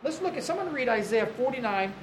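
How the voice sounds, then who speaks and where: A man's voice: very high voice, sing-song, brisk. A man preaching a sermon, telling stories in an earnest, conversational way. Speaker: pastor. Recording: roomy, distant mic, noisy room.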